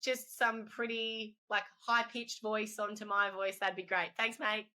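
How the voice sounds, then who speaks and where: A woman's voice: medium pitch, little pitch movement, a little slow, sharp tone, a little hiss or hum. A woman with an Australian accent, a wedding photographer chatting as a podcast guest, joking and laughing often. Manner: laughs often, playful and jokey. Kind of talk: casual chat.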